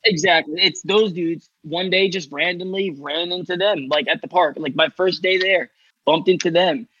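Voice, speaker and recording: Husky guy rambling casually. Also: high voice, normal speed, fairly bright tone, no echo, dull audio. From Long Island, New York. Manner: loose and rambling, full of filler and swearing. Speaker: guest, artist. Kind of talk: casual podcast chat.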